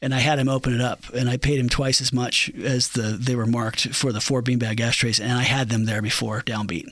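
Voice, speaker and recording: A man's voice: medium pitch, a little fast, dry recording. A man in an interview, telling backstage stories and acting out the lines of the people in them, with plenty of ums and uhs. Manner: animated storyteller, acts out quotes, many fillers. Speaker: entertainment director. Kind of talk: storytelling in an interview.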